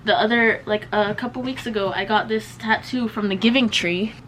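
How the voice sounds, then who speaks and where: A woman's voice: medium pitch, steady tone, normal speed, a bit bright, a little hiss or hum, rough recording. A young woman in her twenties, chatting casually and slangily as a beauty vlogger while doing her makeup. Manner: chatty, slangy, lots of "like" and "bro".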